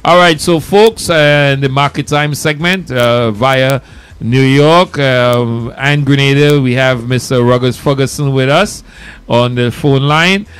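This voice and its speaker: Male radio host, smooth clear voice, easygoing banter. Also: mid-range voice, measured pace. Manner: animated, loose, laughing banter. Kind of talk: casual radio talk.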